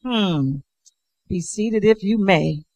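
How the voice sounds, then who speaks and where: Brief: woman preacher in a fervent, repetitive sermon, middle pitch, dry recording. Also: slow, darkish tone, dry recording, lo-fi sound. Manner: emphatic, repetitive, call-and-response. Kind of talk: sermon and prayer.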